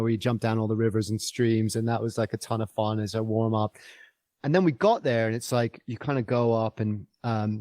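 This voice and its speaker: Guy rambling excitedly thru a travel story on a podcast, lots of "like"s, dry sound, middle pitch. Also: no room sound. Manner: enthusiastic, rambling with many fillers and restarts. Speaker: guest travel writer. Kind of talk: casual storytelling in a podcast interview.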